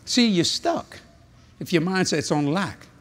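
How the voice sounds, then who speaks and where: An older man preaching a humorous sermon at a convention, telling jokey stories and breaking into sudden high-pitched exclamations. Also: expressive, a little slow, a bit bright. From New Orleans, Louisiana. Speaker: evangelist. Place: large convention hall.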